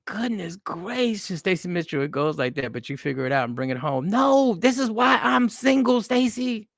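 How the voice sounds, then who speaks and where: A man hosting a podcast, telling rambling stories in a loose, animated comedic monologue. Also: high-pitched, a little fast, creaky, dry recording, studio quality. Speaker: podcast host.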